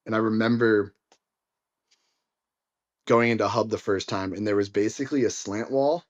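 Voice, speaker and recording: A young man guest on a podcast, telling stories in a lively way with lots of filler words. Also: on the low side, a little fast, long pauses, lo-fi sound. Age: young adult. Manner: storytelling, animated, many fillers like "like". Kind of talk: casual conversation.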